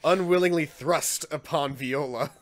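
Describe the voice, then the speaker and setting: A man's voice: fairly high pitch, a little slow. A man running a tabletop game as dungeon master, joking around and laughing often.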